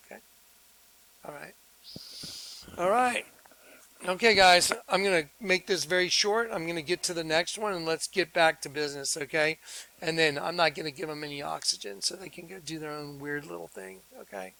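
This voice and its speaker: A man's voice: a little high, moderate pace, gravelly, pauses often, sharp tone, rough recording. A man ranting sarcastically and combatively to his viewers, repeating himself and using preachy religious language. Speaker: video host. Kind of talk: ranting monologue to camera.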